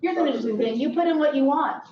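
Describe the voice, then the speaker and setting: A woman's voice: high voice, rapid-fire, a little hiss or hum. A woman giving an upbeat conference presentation with joking asides. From Silicon Valley. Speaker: workshop presenter. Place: lecture hall. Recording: echoey hall from far off, dull.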